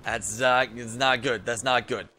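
A man's voice: medium pitch, steady tone, measured pace, pushed and bright, soft background music. A young man giving frustrated let's play commentary, swearing a lot and muttering to himself as he plays. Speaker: gaming YouTuber.

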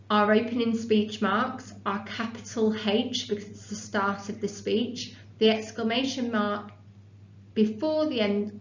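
Measured woman teacher in an echoey room. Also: mid-range voice. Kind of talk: teaching and reading a novel aloud. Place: classroom. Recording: echoey room, dull sound, faint hum.

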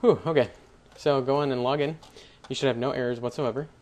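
There's a little hiss or hum behind this young man's mid-range voice, which is a little mellow, fairly even in intonation, and quick. He hosts a casual screen-recorded coding tutorial, rambling, self-correcting as he goes, and chatting with little laughs.

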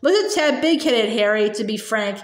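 Woman voices vain male wizard teacher; jovial, pompous, patronizing, high storybook read. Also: expressive, moderate pace, natural voice. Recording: roomy echo.

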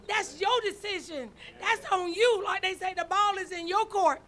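As the church's first lady, a woman delivers a sermon to her congregation, moving between soft pleading and shouted exhortation while calling out to the people. Her voice is extremely high, her pace is moderate, and she barely pauses.

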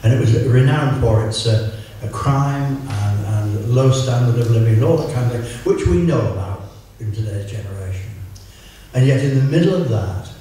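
An older preacher delivers an informal sermon in a mellow, low-lit voice, chatty and teasing both himself and the room. For scripture he slows right down and turns earnest. He's recorded from far off in a strongly echoing hall, with slight background noise.

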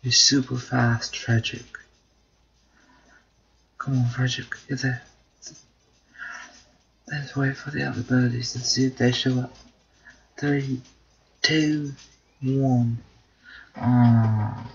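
A man's voice: mid-range voice, fairly even intonation, takes it slowly, gravelly, pauses often, dull audio. A man doing casual gameplay commentary, cheering on and pleading with his duck in a mock British accent. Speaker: gamer, video host.

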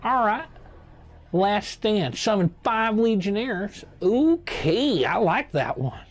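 In a slow, very animated, high-pitched, exaggerated voice, a man plays a rambling older statesman gamer who is touchy and self-assured. It's comedic gaming commentary in character, chatty in mood, with him muttering to himself while choosing cards.

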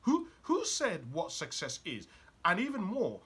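A man's voice: high-pitched, huge pitch swings, unhurried, fairly bright tone, husky. A man talking as a life coach in a motivational monologue, firing off emphatic rhetorical questions.

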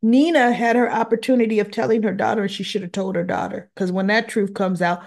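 A woman recapping a soap opera episode in a casual monologue, emotional and teary, exasperated and animated as she retells it. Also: mid-range voice, fairly quick, few pauses.

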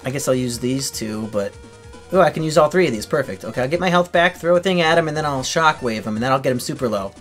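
A man's voice: mid-range voice, lively intonation, quick pace, a bit bright, faint music behind. A man giving let's play commentary on a video game, talking to himself and swearing in frustration. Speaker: gaming streamer.

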